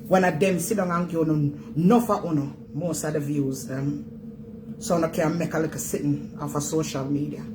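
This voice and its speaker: A woman's voice: low voice, steady tone, normal speed, noisy background. A Jamaican woman hosting a vlog, scolding and emphatic in her Jamaican Patois, repeating her points as she rants. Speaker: vlog host. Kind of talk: ranting commentary.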